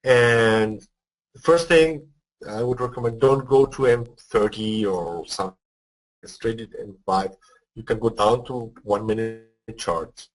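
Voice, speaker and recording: A man's voice: lowish voice, slow pace, poor audio. A man presenting a live trading webinar, explaining step by step, often checking whether listeners follow. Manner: explanatory, asks for feedback, repeats words.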